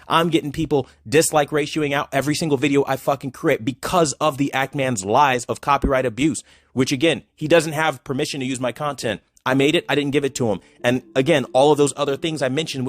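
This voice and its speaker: A man's voice: medium pitch, dry recording, clean studio sound. A man talking on a video channel in a heated, profane rant, repeating himself as he goes. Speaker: YouTuber.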